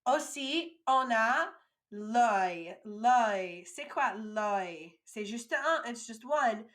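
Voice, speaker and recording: A woman teaching a recorded French lesson, modelling words slowly for learners to repeat and then explaining them in quick English asides. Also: on the high side, lively intonation, fairly bright tone.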